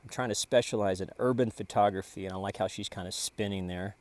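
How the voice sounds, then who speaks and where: A man with a lowish voice talks through his photo prints in a loose, casual vlog. He rambles from picture to picture with big boasts and sudden exclamations, and he keeps praising his own work. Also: steady tone, quick pace. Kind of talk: casual self-promoting vlog narration.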